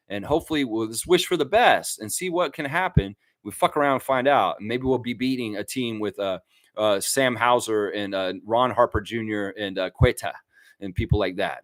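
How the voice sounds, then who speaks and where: A man hosting a casual fan livestream, rambling and animated as he talks to his chat. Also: mid-range voice, no echo. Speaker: fan channel host.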